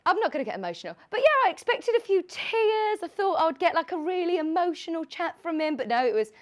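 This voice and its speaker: A woman's voice: sits high, a little fast. Bubbly young woman presenting a shopping show. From United Kingdom. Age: late 20s. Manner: chatty, bubbly and excitable. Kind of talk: live sewing shopping show. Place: TV studio.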